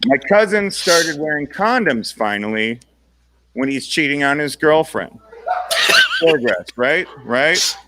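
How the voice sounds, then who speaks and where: A man's voice: a little high, expressive, takes it slowly, background noise. A young man performing a stand-up comedy set, casual and self-deprecating, checking in with the crowd with "right?" after his jokes. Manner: conversational, self-deprecating punchlines with tag-on "right?".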